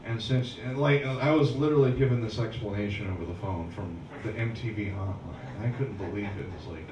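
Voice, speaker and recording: A man's voice: fairly low pitch, fairly quick, a little mellow, recorded from a distance, a little hiss or hum. A man in his early forties doing a stand-up comedy set on a club stage, with a loose, rambling delivery full of restarts. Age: early 40s. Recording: roomy live club recording from off-mic. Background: audience laughter.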